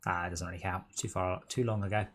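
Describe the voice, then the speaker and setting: A man's voice: low voice, flat delivery, quick pace, a little hiss or hum. A man in blunt, teasing banter while playing a game on stream, often stumbling over his words. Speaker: gaming stream regular.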